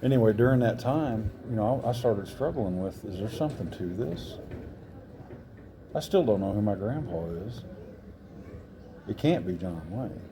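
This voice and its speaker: A man's voice: lowish voice, expressive, measured pace, pauses often, noisy background. A man in his sixties, an interview guest, telling a personal story in an earnest, rambling way with frequent self-corrections. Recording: crowd chatter behind.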